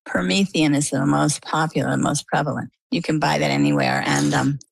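A middle-aged woman from Maine, a guest in an interview, telling her story in a lively, conversational way and acting out the quoted dialogue. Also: deep voice, moderate pace, creaky, slightly rough, no room sound, low-quality recording. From Maine, USA.

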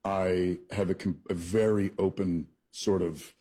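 Low, very raspy man. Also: fairly even intonation, measured pace, dark tone. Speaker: interview guest. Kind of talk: radio interview answer.

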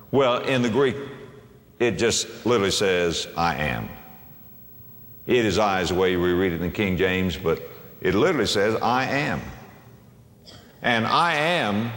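A man preaching a sermon, dropping to a hush and then soaring, repeating phrases for emphasis. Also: mid-range voice. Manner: impassioned, swings from hushed to soaring, repeats phrases. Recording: reverberant hall sound.

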